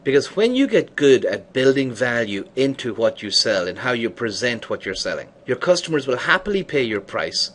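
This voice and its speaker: A man's voice: mid-range voice, big pitch swings, normal speed, hardly any pauses, a bit bright, a little hiss or hum. A man teaching business owners about selling, telling an example story and voicing the people in it as he goes. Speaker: business coach. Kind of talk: scripted teaching monologue with storytelling.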